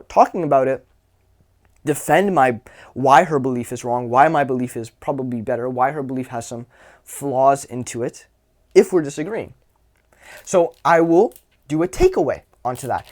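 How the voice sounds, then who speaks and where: A young man coaches on social skills in a loose, profane way, giving casual advice and acting out small anecdotes with quoted voices. His voice sits on the high side with a darkish tone.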